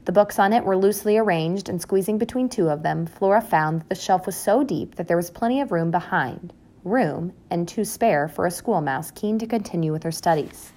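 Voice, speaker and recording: A woman narrating a children's storybook in a calm, even manner. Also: lowish voice, moderate pace. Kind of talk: audiobook narration.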